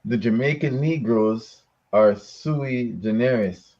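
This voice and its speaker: Slow male reader with a dull, muffled sound. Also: medium pitch, a little mellow. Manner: slow, careful reading. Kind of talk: reading a book aloud.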